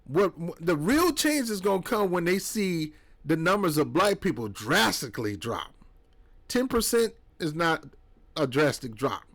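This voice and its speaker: A man's voice: on the high side, sing-song, unhurried, a bit bright. A man gives a fiery political monologue. He preaches hard, scolds his listeners, and mocks others by slipping into put-on voices. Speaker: commentator.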